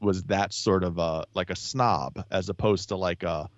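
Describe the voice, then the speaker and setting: Deep-voiced man rambling on a lo-fi podcast. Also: fairly even intonation, moderate pace, no echo. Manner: rambling, many restarts and fillers. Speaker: guest. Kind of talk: casual podcast chat. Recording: dull lo-fi sound, dry.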